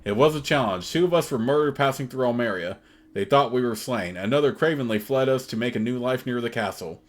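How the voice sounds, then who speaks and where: A man's voice: medium pitch, animated, a little fast, natural voice. A man voicing a zealous, endlessly optimistic male pilgrim leader as he reads a video game's dialogue aloud, earnest and pleading.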